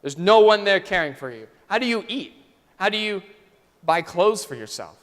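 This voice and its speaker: A man's voice: high-pitched, big pitch swings, normal speed, a bit bright, voice pushed up. A man voicing an earnest young male teacher who keeps pressing a student with questions, in a sermon story. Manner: probing, earnest. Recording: long church reverb.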